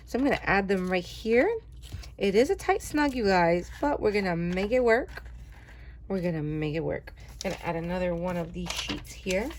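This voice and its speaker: A woman's voice: lowish voice, creaky, slight background noise. Chatty, gushing woman crafter. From New York. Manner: chatty, gushing, self-correcting. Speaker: crafting vlogger. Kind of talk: casual show-and-tell narration.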